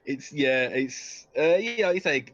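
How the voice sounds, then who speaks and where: A man co-hosting a podcast, laid-back with quick deadpan quips in casual chat. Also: mid-range voice, highs cut off. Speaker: podcast co-host.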